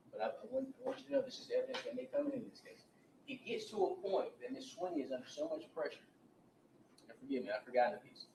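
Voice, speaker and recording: A man's voice: high voice, creaky, slight background noise. A man working as a defense attorney gives an opening statement to a jury, retelling events and acting out the quoted dialogue. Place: courtroom. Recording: echoey courtroom audio from a distance.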